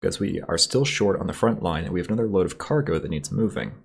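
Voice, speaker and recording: A man voicing a quiet, wary male rebel contact who speaks in a confiding, businesslike way. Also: expressive, quick pace, gravelly, slightly rough, heavily acted. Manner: confiding, low-key, businesslike.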